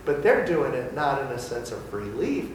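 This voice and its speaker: A man leading an interactive Bible study for a small group, teaching in an animated, theatrical way. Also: medium pitch, normal speed, slight background noise. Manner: animated and theatrical, acting out voices. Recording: echoey room from far off.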